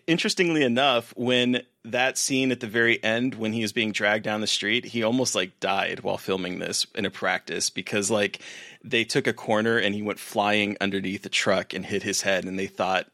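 A man with a bright, forceful voice fondly recounts favorite movie moments in a casual podcast chat. The recording is dry and close, with no room sound. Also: lowish voice, no echo. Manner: amused, fond, storytelling. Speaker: podcast co-host.

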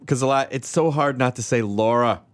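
A man's voice: medium pitch, fairly even intonation, a little fast. An American man hosting a podcast in a goofy, playful way. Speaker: podcast host. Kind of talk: casual podcast chat.

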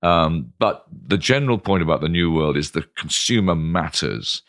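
An older British man, a guest in an interview, telling lively anecdotes full of ums and restarts. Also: extremely low pitch, moderate pace, no room sound, clean studio sound. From Britain. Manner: animated, lots of ums and restarts. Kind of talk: anecdotal storytelling.

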